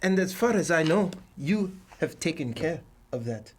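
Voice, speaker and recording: A man's voice: on the high side, animated, moderate pace, breathy edge. A man in a tabletop role-play speaking in character, stiff and formal with a cool, detached manner. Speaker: player.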